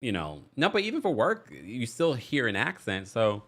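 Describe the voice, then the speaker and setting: Brief: American male host, animated call-in chat, very lively pitch. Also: normal speed. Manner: animated, chatty, laughs often. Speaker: podcast host taking callers. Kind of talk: casual call-in show chat.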